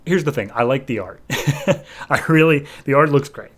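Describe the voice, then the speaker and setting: A man's voice: medium pitch, moderate pace, fairly bright tone. Man casually reviewing a comic, sarcastic. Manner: loose, sarcastic retelling full of "like". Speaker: comic book podcast host.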